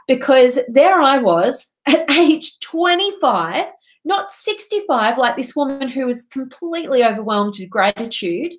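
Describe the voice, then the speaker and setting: A woman's voice: sits high, sing-song, measured pace. A woman coach giving an earnest, impassioned motivational talk to her viewers. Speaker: transformational coach and speaker.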